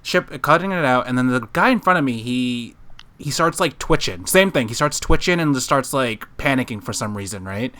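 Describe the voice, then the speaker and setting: A man of average pitch tells a story on a casual podcast. He rambles, restarts his sentences and fills the gaps with fillers as he goes. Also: expressive, moderate pace, bright, forceful tone. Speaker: podcast co-host. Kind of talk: casual chat. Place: living room.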